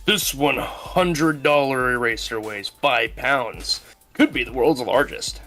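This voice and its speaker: Man, podcast co-host, reading news aloud, mid pitch, faint music. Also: slow, gravelly, bright, forceful tone. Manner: reads articles aloud, wry asides.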